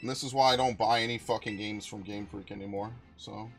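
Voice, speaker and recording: A man's voice: on the low side, fairly even intonation, fairly quick, soft background music. A man live-streaming a video game, ranting angrily with lots of swearing and stumbling restarts. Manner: angry profane ranting with repeated restarts. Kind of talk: live gameplay stream commentary.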